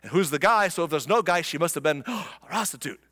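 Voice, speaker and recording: Preacher guy telling a bible story, chatty and wry, slightly high voice, long hall reverb. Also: expressive, fast talker, fairly bright tone. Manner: conversational, wry, acts out the characters. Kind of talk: sermon retelling scripture. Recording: long reverb of a large room.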